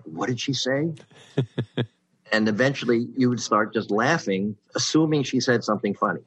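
A man's voice: lowish voice, no echo, low-quality recording. A middle-aged man, a sitcom writer, telling show-business anecdotes in casual chat and acting out the people he quotes. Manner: animated storyteller who acts out quoted people.

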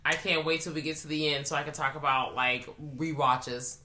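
A woman co-hosting a casual movie recap chat, laid-back, with quick affirmations and dry asides. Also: low voice, steady tone, sharp tone. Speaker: podcast co-host.

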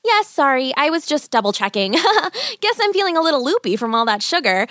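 Woman playing a clever storybook girl, high and lively, quick rambling chatter. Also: no echo, studio quality. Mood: stalling chatter. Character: clever, chatty young girl, calm under pressure.

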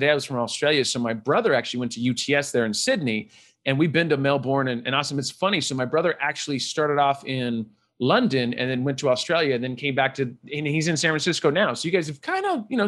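A man's voice: mid-range voice, fast, a bit bright. A man hosting a podcast interview, talking with eager enthusiasm and rambling restarts. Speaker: podcast host. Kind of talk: casual interview chat.

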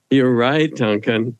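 A man's voice: medium pitch, creaky, dry recording, poor audio. A man who is a meditation teacher speaks on a retreat panel, reflective and telling stories. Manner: reflective, storytelling. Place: retreat hall.

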